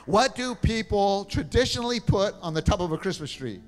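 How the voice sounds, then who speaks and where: A man, a pastor, casually hosting a Christmas trivia game in church, playful and chuckling as he reads the questions slowly. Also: sits high, animated, big-room sound. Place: church hall.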